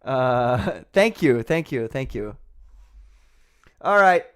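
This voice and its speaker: A man's voice: medium pitch, big pitch swings, slow, smooth. A man hosting a casual livestream, rambling and sarcastic, often breaking into laughter. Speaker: livestream host.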